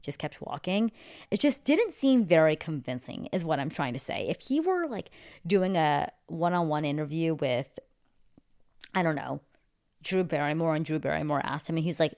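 A woman's voice: low-pitched, big pitch swings, darkish tone. A young woman talking through celebrity gossip in a casual, opinionated way, full of asides and fillers. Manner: chatty, opinionated, fast asides, lots of "like". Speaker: pop culture commentator.

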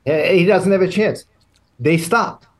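Slow-telling middle-aged man guest. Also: high-pitched. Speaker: guest, music retail executive. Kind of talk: casual interview talk.

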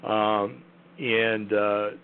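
A man's voice: on the low side, little pitch movement, very slow, clear, resonant tone. A man guest in a casual interview, talking hesitantly with many fillers and restarts. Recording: tinny phone line.

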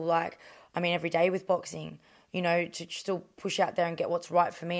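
An Australian woman in her thirties, a boxer talking candidly in an interview, blunt and full of swearing, fillers and restarts. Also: fairly low pitch.

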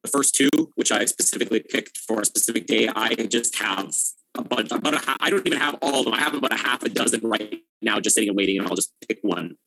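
A man co-hosting a sports chat speaks in a laid-back, candid way. His voice has a gravelly edge. It still comes through bright and forward. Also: fairly low pitch, fast talker, poor audio. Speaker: podcast co-host.

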